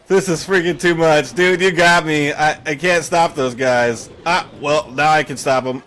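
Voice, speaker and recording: A man giving live gameplay commentary, excitable and panicky, quick to laugh and curse. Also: fairly high pitch. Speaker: gaming YouTuber.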